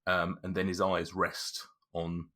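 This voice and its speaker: Lowish bright guy gm-ing a tabletop game, rambly, keeps restarting. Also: completely flat delivery, slow pace. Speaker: game master.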